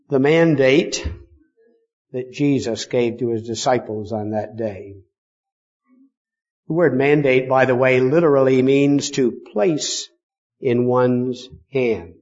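A man preaching a sermon as pastor, speaking with deliberate pauses and stressing key words. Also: mid-range voice, darkish tone, muffled recording. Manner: slow, deliberate delivery with pauses for emphasis.

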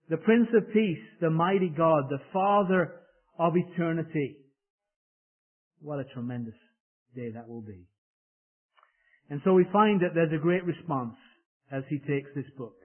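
A man from England preaching a sermon in an emphatic style, rising loud and dropping soft. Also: fairly high pitch, animated, measured pace, pauses often. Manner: emphatic preaching with swells and drops in volume. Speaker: pastor. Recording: tinny phone-like sound.

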